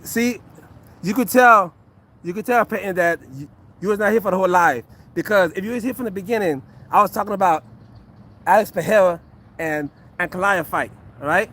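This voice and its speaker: Brief: former fighter, 40s man, streaming to chat, high-pitched, defensive and sarcastic, repeats himself a lot. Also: a little fast, a bit bright. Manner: defensive, sarcastic and repetitive, addressing chat and a heckler. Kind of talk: casual livestream chat to viewers.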